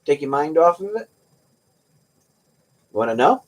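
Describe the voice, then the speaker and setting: A man's voice: on the high side, big pitch swings, a little slow. A middle-aged man hosting a livestream, chatting casually with viewers and telling rambling, joking stories. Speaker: livestream host.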